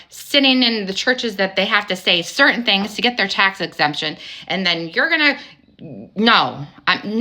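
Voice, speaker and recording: Heated woman ranting with a bright voice. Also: mid-range voice. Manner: heated, emphatic, rhetorical questions; swears casually. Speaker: spiritual vlogger. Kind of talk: angry spiritual monologue to camera.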